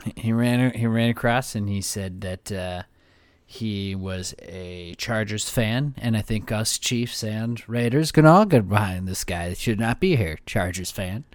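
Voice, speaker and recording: A man's voice: lowish voice, measured pace, dry recording, studio quality. A man hosting a sports podcast, talking in an easygoing, agreeable way and steering the chat. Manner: easygoing, agreeable, wraps up segments.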